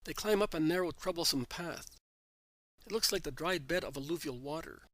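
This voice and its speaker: A man giving a measured, earnest scripted narration of a religious text. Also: a little high, a bit bright, no room sound.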